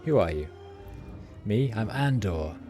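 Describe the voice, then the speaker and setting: A man with a very low voice reads a game's lines aloud in a relaxed, offhand way, dropping in ums and uhs as he goes. Music plays clearly behind him. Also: slow pace. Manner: reads every part in his own plain voice, with fillers. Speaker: streamer reading a game aloud. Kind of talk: casual reading of game text and dialogue.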